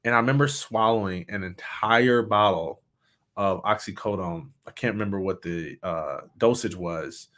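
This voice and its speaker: A man who is a motivational speaker, talking candidly in a reflective, halting way, often restarting his sentences. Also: fairly low pitch. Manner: candid, halting, with many restarts and soft laughs. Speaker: motivational speaker and suicide survivor. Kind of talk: personal reflective talk.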